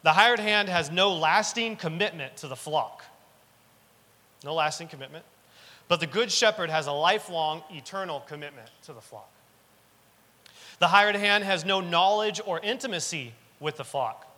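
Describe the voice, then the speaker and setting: A man's voice: fairly high pitch, expressive, normal speed, pushed and bright. Man preaching in an echoing hall. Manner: earnest, repeats key lines for emphasis. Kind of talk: sermon. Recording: long reverb of a large hall.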